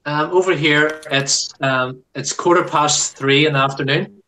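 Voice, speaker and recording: A man's voice: on the high side, fairly even intonation, unhurried, bright, forceful tone. A man from Ireland with an Irish accent, speaking hesitantly as a guest on a group call. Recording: distant noisy call audio.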